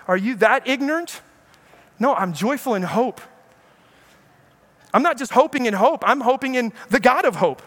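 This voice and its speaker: Pastor, male, high voice, lively storytelling preacher who plays out the quotes. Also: moderate pace, long pauses, slightly rough. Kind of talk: sermon.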